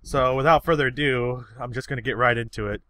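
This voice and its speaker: A man's voice: medium pitch, fairly even intonation, quick pace, pushed and bright. A man casually answering viewer questions, rambling and swearing freely in an easygoing, unpolished way. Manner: rambling and profane. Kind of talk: casual chat.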